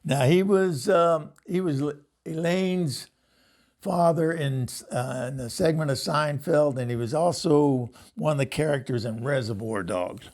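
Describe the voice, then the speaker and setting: A man's voice: fairly high pitch, measured pace, a little mellow. An older man, host of the show, telling rambling stories in casual talk, often laughing and acting out what others said. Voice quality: gravelly. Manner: rambling, laughs often, acts out quoted voices. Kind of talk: casual storytelling monologue.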